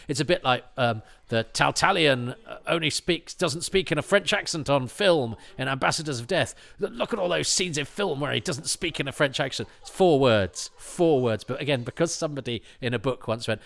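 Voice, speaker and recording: A man's voice: medium pitch, moderate pace, creaky, fairly bright tone. A man hosting a commentary podcast, chatting in a rambling way with many restarts and asides. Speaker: podcast host.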